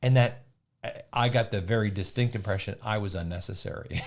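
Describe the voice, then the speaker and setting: A man's voice: fairly low pitch, brisk. A man in his fifties co-hosting a podcast, speaking earnestly and reflectively with some hesitant restarts. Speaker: podcast co-host. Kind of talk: casual conversation.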